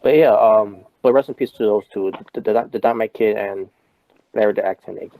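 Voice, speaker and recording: Male podcast co-host, mellow voice, rambling delivery full of fillers, dry close sound. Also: lowish voice, fairly even intonation, a little fast, gravelly, no echo, poor audio. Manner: rambling, many restarts and fillers. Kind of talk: casual wrestling talk.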